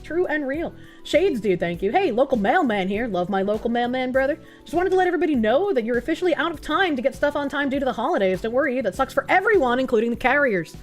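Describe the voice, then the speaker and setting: A woman's voice: high voice, lively intonation, quick pace, faint music behind. A woman with a Boston accent, a streamer reading donation messages in casual chat with sarcastic, laughing asides. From United States.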